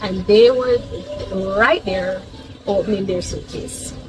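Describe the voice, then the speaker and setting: Slow, emphatic Jamaican woman storyteller. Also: medium pitch, poor audio. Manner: emphatic, heartfelt retelling with lists and repetition. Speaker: vlogger, mother. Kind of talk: personal storytelling vlog. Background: background music.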